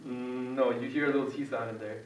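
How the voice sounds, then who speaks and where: A man's voice: medium pitch, fairly even intonation, brisk, a little hiss or hum. A young man teaching a university class on pronunciation, patient and informal, modeling sounds over and over for students. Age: young adult. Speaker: Quran recitation teacher. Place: university meeting room. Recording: echoey room, distant muffled mic.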